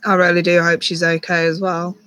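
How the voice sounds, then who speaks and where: A tarot reader on a live stream, talking softly and reassuringly to a viewer, with many ums and restarts. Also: mid-range voice, monotone, a little fast.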